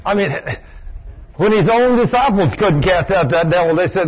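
A preacher with a high, husky voice delivers a folksy, emphatic sermon. He acts out the voices of the people he quotes. The recording sounds dull and lo-fi. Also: animated, normal speed.

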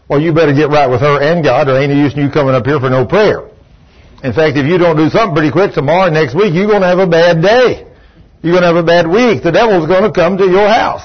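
A man's voice: fairly high pitch, brisk, highs cut off. A man preaching a sermon in a church, emphatic and repetitive, telling folksy stories.

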